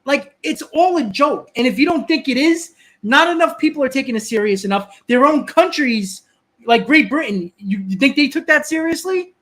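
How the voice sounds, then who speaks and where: A man's voice: extremely high pitch, animated, moderate pace, fairly bright tone. A man hosting a live stream, ranting casually, often repeating and restarting words and answering viewers in the chat.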